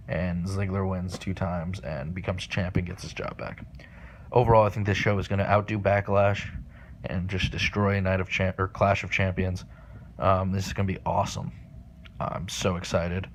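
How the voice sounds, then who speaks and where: A man hosting a solo podcast, giving casual spoken predictions with lots of ums and restarts, excitable and swearing, recorded without his usual microphone. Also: low-pitched, moderate pace, a little hiss or hum. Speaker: podcast host. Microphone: not his usual microphone.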